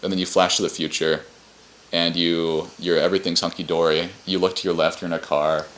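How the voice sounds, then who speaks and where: A man's voice: low voice, flat delivery, brisk, fairly bright tone. A young man co-hosting a podcast, recapping a game's story in casual, rambling chat with lots of restarts and loose swearing. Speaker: podcast co-host.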